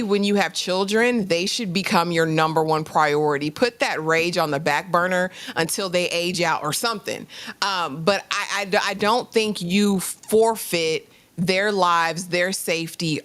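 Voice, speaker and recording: A woman's voice: fairly low pitch, a bit bright. A woman co-hosting a casual TV review chat, blunt and emphatic, scolding a character. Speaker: co-host of a TV review show.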